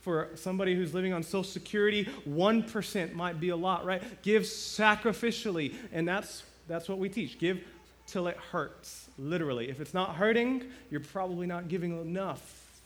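A male pastor preaching a sermon in a conversational way, asking the congregation questions and building to loud, emphatic climaxes. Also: high voice, normal speed.

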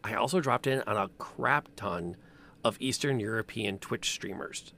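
A man's voice: lowish voice, normal speed, creaky, pushed and bright, a little hiss or hum. A man, a game master chatting casually on a podcast and wandering off on tangents. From American Midwest. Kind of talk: casual chat.

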